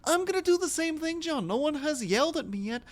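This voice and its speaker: A woman's voice: sits high, lively intonation, fairly quick, pitched above the performer's own voice. A woman voicing a sheltered, bumbling male American tourist in a comedy skit, with stiff formal phrasing. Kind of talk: comedy skit role-play.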